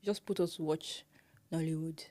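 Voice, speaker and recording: A Nigerian woman with a Nigerian accent co-hosting a podcast in casual chat, animated, laughing often and mimicking pronunciations. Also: deep voice, fairly quick. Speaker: podcast co-host.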